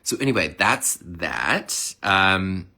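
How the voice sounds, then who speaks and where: A man in his thirties who is sick and hoarse, chatting casually and rambling through a livestream. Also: low-pitched, sing-song, takes it slowly, bright, forceful tone. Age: 30s. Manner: rambling, chatty, lots of fillers. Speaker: livestream host.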